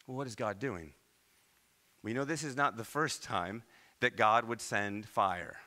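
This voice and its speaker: A man from Iowa preaching a sermon as pastor, with animated delivery and many rhetorical questions. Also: lowish voice, measured pace. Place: church.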